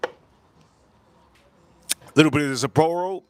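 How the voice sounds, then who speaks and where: A man's voice: a little high, moderate pace, clear, resonant tone, no echo. A man hosting a casual food livestream outdoors in the cold, crude and rowdy, repeating himself and calling out to the chat. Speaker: livestream host.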